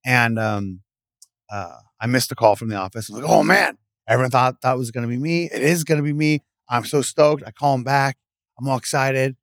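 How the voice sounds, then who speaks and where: A man's voice: mid-range voice, fairly quick, no echo. A middle-aged man, a guest in a podcast studio, telling stories in a casual interview and acting out the voices in them. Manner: animated, acts out voices in stories.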